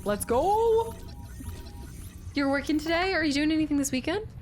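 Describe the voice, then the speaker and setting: A woman streaming a video game and chatting casually, excitable and thinking aloud as she plays. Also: high-pitched, racing, faint music behind. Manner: excitable, thinks aloud, frequent gasps and laughs. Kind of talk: casual gameplay commentary.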